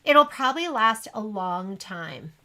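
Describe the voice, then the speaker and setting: A woman's voice: medium pitch, very animated, unhurried, pushed and bright. A woman hosting a sewing livestream, chatting casually and rambling to her viewers as she works. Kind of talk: casual chat while sewing.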